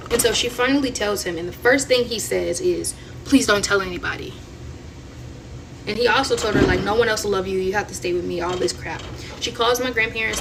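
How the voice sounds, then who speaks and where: A woman's voice: mid-range voice, creaky. Young woman telling a story from afar. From Florida, US. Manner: animated, chatty, dramatic asides. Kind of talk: casual storytelling. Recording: distant mic with audible noise.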